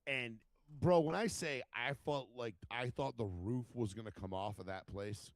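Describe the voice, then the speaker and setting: A man's voice: mid-range voice, normal speed. A man talks in a mid-range voice, swearing freely and acting out quoted voices as he tells stories. The sound is dry and close, with no room echo. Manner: profane, animated storyteller acting out quotes. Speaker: podcast co-host. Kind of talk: casual chat, storytelling.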